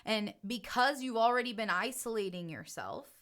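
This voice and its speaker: A woman's voice: on the high side, lively intonation, moderate pace, fairly bright tone. A woman who calls herself a channel, speaking earnestly in repeated affirmations on a spiritual talk show. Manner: earnest, repetitive affirmations, sometimes laughing. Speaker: spiritual channel and podcast host. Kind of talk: emotional motivational talk.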